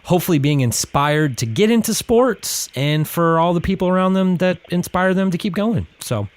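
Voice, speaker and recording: A man's voice: on the high side, a little fast, clear, resonant tone, dry recording. A man hosting a casual podcast, upbeat and joking as he runs the chat. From Pacific Northwest. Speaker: podcast host.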